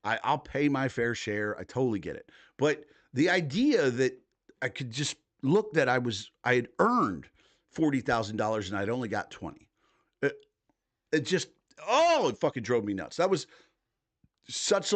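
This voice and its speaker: A man's voice: mid-range voice, very animated, normal speed, a bit bright. A man in his thirties from the United States, hosting a political livestream and ranting angrily with constant swearing. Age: 30s. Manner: angry, swears constantly, reads posts aloud mockingly. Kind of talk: profane ranting commentary.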